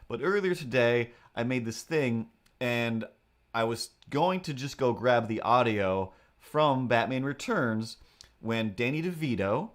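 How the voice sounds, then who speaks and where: A man's voice: medium pitch, animated, measured pace. A man hosting a live drawing stream, rambling casually with restarts and asides. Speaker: streamer and artist.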